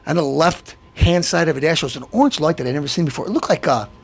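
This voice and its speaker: A middle-aged man hosting his own show launches into a rambling, indignant rant about an aggrieved story, full of restarts. His fairly high voice is gravelly and husky, animated and quick.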